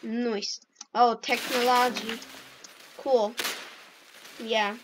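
Woman, gameplay commentary, high-pitched, slow-paced, excitable. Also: background noise. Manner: excitable, yelps and shouts at the game, self-mocking. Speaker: gaming YouTuber.

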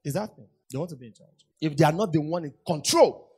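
Male pastor, husky, fairly high voice, emphatic sermon with call-and-response. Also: lively intonation, fast talker, darkish tone. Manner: emphatic preaching with repeated lines and call-and-response questions. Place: church hall.

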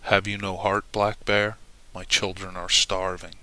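A man's voice: deep voice, little pitch movement, measured pace, pushed and bright. A man voicing a starving father badger who begs for food for his children in a storybook reading. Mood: pleading. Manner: begging.

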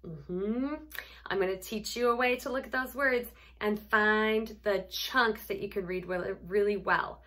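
A female teacher leads young children through a phonics lesson, sounding out letters and syllables with gentle, patient prompts. Her voice sits at a medium pitch and she takes her time.

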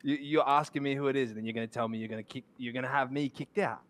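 A man's voice: medium pitch, fairly even intonation, very fast, a bit bright. A man playing in an online role-play game, teasing and mocking the other player with casual swearing.

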